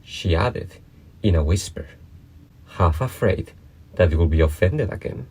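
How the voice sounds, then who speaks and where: Deep husky man reading a storybook. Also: measured pace, a little mellow. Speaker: narrator.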